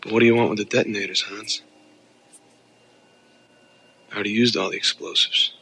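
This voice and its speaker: A man's voice: on the low side, racing, gravelly, pushed and bright, husky, full character voice. An actor playing a wisecracking tough cop hero who taunts his enemy sarcastically. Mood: mocking.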